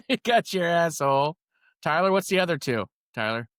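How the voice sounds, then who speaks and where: A man's voice: a little high, very animated, moderate pace, a bit bright, no room sound, clean studio sound. A man co-hosting a podcast, trading crude, laughing banter in casual chat. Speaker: podcast co-host.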